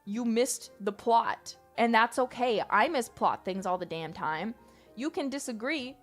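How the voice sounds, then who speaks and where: A woman streamer ranting in casual, animated talk, emphatic and swearing freely. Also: on the high side, measured pace, soft background music.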